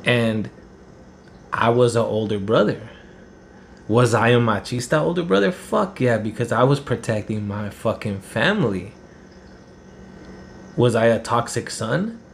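Dude in his 30s, raspy gravelly voice, swearing and rambling. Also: mid-range voice, expressive, measured pace, long pauses, a little hiss or hum. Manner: profane, rambling, heated. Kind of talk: casual storytelling.

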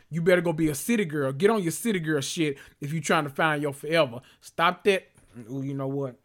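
A man's voice: on the high side, pushed and bright. A man hosting a podcast, recapping reality TV in casual, sassy, profane talk full of asides. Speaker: podcast host.

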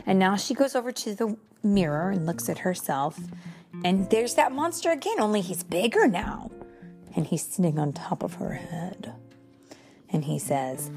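A young woman reading a picture book aloud to a child, slow and expressive with gentle exclamations. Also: mid-range voice, soft background music. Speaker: storybook reader.

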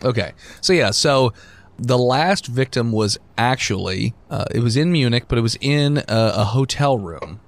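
Casting: laid-back male game master, gravelly voice, medium pitch. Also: expressive, normal speed. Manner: casual, laid-back, swears. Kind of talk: tabletop role-play podcast.

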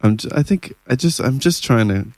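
A man's voice: medium pitch, no echo. A man in his thirties, a podcast guest talking in a laid-back, drawling stoner voice from the back of his throat. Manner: slow, drawling, relaxed. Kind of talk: casual podcast chat.

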